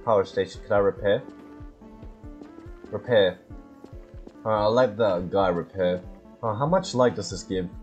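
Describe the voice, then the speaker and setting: A man's voice: fairly low pitch, measured pace, long pauses, dull audio, faint music behind. A man casually commenting while he plays a game, laughing often and breaking into panicky repeated cries when he is chased. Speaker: gaming video host. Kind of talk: casual let's-play commentary.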